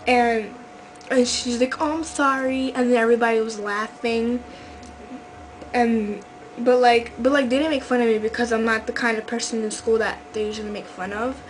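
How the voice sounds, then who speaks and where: A woman's voice: a little high, steady tone, moderate pace, slight background noise, low-quality recording. A teenage girl telling a rambling vlog story, full of fillers and restarts. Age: teens. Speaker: vlogger.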